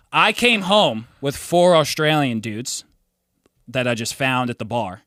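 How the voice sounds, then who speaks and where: A man's voice: medium pitch, very animated, brisk, sharp tone, no room sound, studio quality. A young man co-hosting a podcast, telling rambling stories in casual chat and swearing freely. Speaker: podcast co-host.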